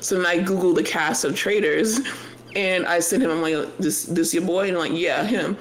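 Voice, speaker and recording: A man co-hosting a podcast, telling stories in an animated, chatty way with quick asides. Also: high-pitched, low-quality recording. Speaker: podcast co-host. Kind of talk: casual chat.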